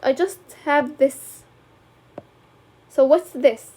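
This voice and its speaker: A young woman with a high voice and a Levantine Arabic accent gives an English lesson. She speaks slowly and deliberately, with frequent fillers as she explains. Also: warm tone. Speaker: English teacher. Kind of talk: classroom lecture.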